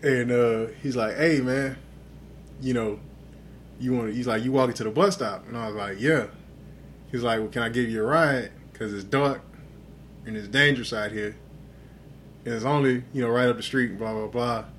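A man's voice: mid-range voice, moderate pace, long pauses, fairly bright tone, a little hiss or hum. A man co-hosting a podcast, tipsy and telling a profane story with lots of acted-out dialogue. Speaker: podcast co-host. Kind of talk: casual drunk storytelling chat.

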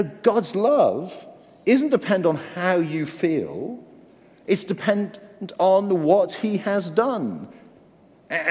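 An English man whose voice sits high with a darkish tone delivers an earnest, conversational sermon, sprinkled with self-deprecating humor. The sound has a long, hall-like reverb.

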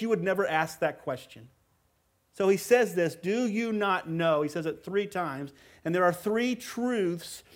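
A man preaching a sermon as pastor, in a conversational but emphatic way, often repeating words as he presses a point. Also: high-pitched.

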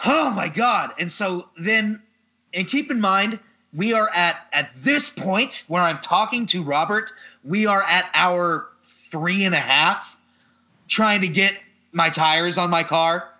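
A man on a podcast tells a story in casual chat, exasperated and freely swearing. His voice is very bright and sits a little high. The audio is slightly dull and lo-fi. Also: slow pace. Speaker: podcast host.

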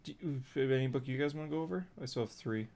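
A man's voice: mid-range voice, fast talker, vocal fry, a little mellow. A man co-hosting a comic book podcast, chatting loosely and giving his review with lots of fillers. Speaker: podcast co-host. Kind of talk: casual comic book chat.

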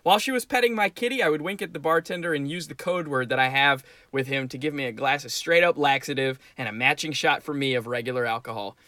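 A man's voice: a little high, fast talker, few pauses, sharp tone, no echo. A man co-hosting a podcast, chatting playfully about tabletop game scenarios and laughing often. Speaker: podcast co-host.

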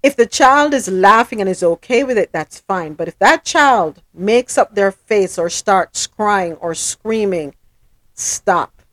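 A woman's voice: medium pitch, lively intonation, slow. Frustrated woman hosting a talk show. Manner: frustrated, apologetic, emphatic. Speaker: podcast host. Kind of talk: casual talk show commentary.

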